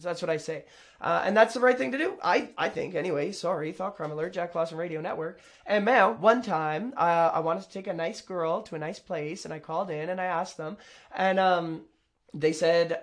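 A man with a higher-than-usual voice talks over a clip in a loose, rambling way. He interrupts himself, backtracks and drops sarcastic asides. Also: brisk. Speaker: commentator reacting to a video. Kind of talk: casual reaction commentary.

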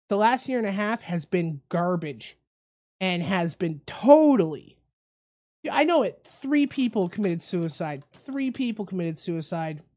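A woman's voice: fairly low pitch, a little mellow. A woman hosting a comedic talk radio show, ranting in a brash, rambling, provocative way.

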